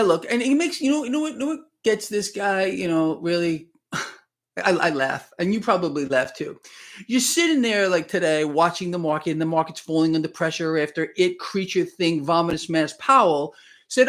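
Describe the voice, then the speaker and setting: A man's voice: sits high, normal speed. A man hosting a live market commentary stream, talking bluntly and with animation, mocking panicked traders and answering viewer comments as he goes. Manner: blunt, animated, swears mildly, mocks and laughs; reads viewer comments aloud. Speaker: market commentator, show host.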